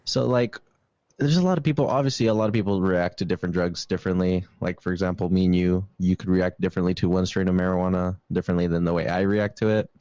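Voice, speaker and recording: A man's voice: low-pitched, little pitch movement, fast, hardly any pauses, dark tone, smooth, no room sound, highs cut off. A young man hosting a casual podcast chat, talking in a laid-back, rambling way with fillers. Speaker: podcast host.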